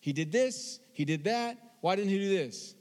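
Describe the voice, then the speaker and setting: A man preaching a sermon, expressive, reading scripture slowly and with emphasis. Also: high-pitched, in a large hall. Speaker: pastor.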